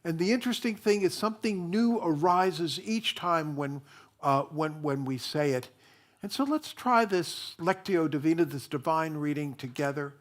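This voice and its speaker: Minister guy giving a loose chatty sermon, lots of uh and restarts, voice a bit high. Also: normal speed. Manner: chatty storytelling with many fillers and restarts.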